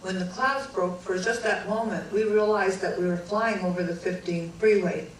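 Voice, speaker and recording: A woman's voice: mid-range voice, moderate pace, a little hiss or hum. Woman telling a story in an echoey hall. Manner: animated, acts out dialogue with lively voices. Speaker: speaker recounting a near-death experience. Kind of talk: dramatic storytelling talk. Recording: echoey hall recorded from far off, faint ambience.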